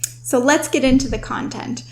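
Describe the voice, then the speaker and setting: A young woman hosting a vocabulary lesson, explaining words in a clear, instructive way and slowing down to stress key terms. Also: high-pitched. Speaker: host and writing tutor.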